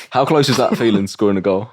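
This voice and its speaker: A man co-hosting a casual chat, excitable and quick to laugh. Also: fairly low pitch. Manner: fast, excitable, laughs a lot.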